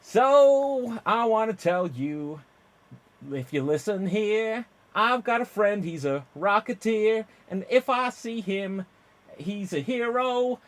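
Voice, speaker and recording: A man's voice: sits high, lively intonation, slow, pitched above the performer's own voice. A man playing a folksy male country singer with a put-on Southern US drawl and a hammy showman manner.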